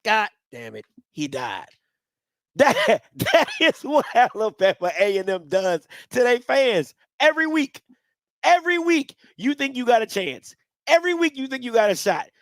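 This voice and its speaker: A young man hosting a show, delivering blunt, opinionated sports commentary in an animated rant. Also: very high voice, moderate pace, no room sound, studio quality.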